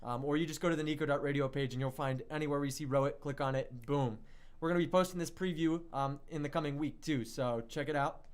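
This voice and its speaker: A young man hosting an online radio livestream, chatty and excitable, reading viewer chat and hyping an upcoming release. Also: fairly high pitch, quick pace, clean tone. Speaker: online radio show host.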